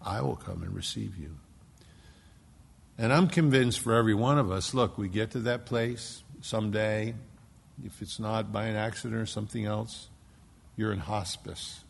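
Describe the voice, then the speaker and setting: A man from Philadelphia preaching a sermon as pastor, emphatic, dropping to a hush and rising to loud stresses. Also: fairly low pitch, normal speed, creaky, slightly rough. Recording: long hall reverb.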